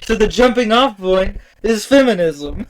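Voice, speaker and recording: A young man hosting a casual podcast, sarcastic and crude, with a deadpan delivery. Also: high voice, unhurried, rough recording. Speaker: podcast host. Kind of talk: casual joking chat.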